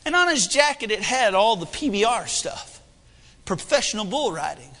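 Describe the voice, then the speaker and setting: A young preacher tells a story from the pulpit in a high, bright, ringing voice. He talks in a folksy, animated way, and his energy rises and falls. The sound carries a long echo from the hall. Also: moderate pace. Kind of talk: sermon storytelling.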